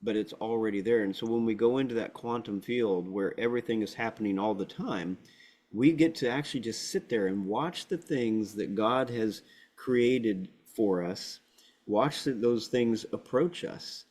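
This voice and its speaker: Male host, slightly low voice, affirming and earnest, explains spiritual ideas. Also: normal speed, a little mellow. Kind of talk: spiritual talk-show chat.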